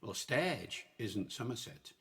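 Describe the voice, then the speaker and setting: Older male academic guest, husky lowish voice, measured and explanatory. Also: big pitch swings, fairly bright tone. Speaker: language professor guest. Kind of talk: explanatory podcast discussion.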